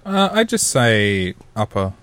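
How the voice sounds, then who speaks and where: A man's voice: on the low side, very animated, takes it slowly, fairly bright tone. A man in casual podcast chat, teasing and giggly. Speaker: podcast co-host.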